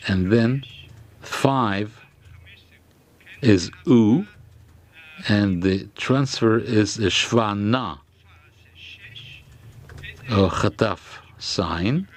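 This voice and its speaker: Slow, hesitant male lecturer. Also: fairly low pitch. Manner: slow and hesitant, with frequent fillers and restarts. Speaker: lecturer on grammar. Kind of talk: halting lecture explanation.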